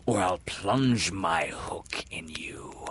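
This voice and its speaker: A man voicing a cocky boy hero who mimics a pirate captain's orders in a hushed, commanding whisper. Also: low-pitched, animated, very slow, a little hiss or hum, heavily acted.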